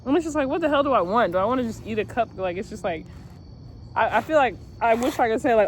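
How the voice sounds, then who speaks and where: A woman's voice: a little high, lively intonation, fast, a little hiss or hum. A young woman vlogging while sitting outdoors in a parking lot, musing aloud in a loose, profane, laughing way. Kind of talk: rambling casual vlog.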